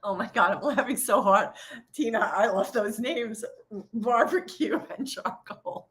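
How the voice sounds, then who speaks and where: A woman hosting a casual live trading coaching session from her home office, chatty and quick to laugh. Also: medium pitch, fairly bright tone. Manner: chatty, laughs often, acts out quoted voices. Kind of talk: casual live-stream chat.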